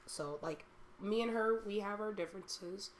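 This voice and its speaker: A woman's voice: medium pitch, normal speed, slight background noise. A young woman hosting a casual podcast chat, rambling and laughing often. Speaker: streamer and podcast host.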